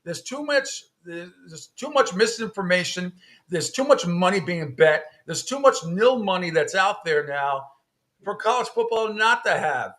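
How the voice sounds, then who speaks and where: A man's voice: high voice, expressive, unhurried, a bit bright. A man hosting a sports radio show, talking in an opinionated, conversational way and laughing often. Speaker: radio host. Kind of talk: casual sports radio talk.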